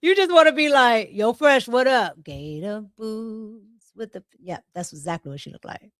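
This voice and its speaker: A woman's voice: fairly high pitch, big pitch swings, normal speed, dry recording, clean studio sound. A woman hosting a casual livestream, chatting, reading super chats aloud and laughing often. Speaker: livestream host.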